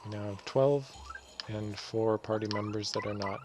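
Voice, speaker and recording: A man's voice: fairly low pitch, normal speed, music in the background. A man giving casual, rambling commentary over a video game, often correcting himself as he goes. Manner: relaxed, rambling, self-correcting. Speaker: let's play host.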